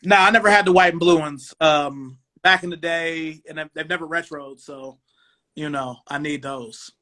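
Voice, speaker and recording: A man in his forties from Cleveland hosting a casual sneaker talk show over a video call, relaxed and rambling. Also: a little high, normal speed. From Cleveland, USA. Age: 40s. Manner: relaxed, rambling, lots of "um" and "you know". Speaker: podcast host. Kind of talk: casual chat. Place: home dining room.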